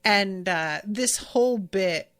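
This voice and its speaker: A woman's voice: mid-range voice, takes it slowly, a bit bright. A woman hosting a podcast and casually recapping an episode, gushing and swearing freely. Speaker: podcast host.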